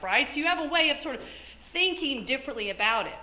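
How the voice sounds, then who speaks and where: A middle-aged woman giving a motivational talk as keynote speaker, animated, acting out her own thoughts in lively asides. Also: sits high, fast, reverberant. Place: lecture hall.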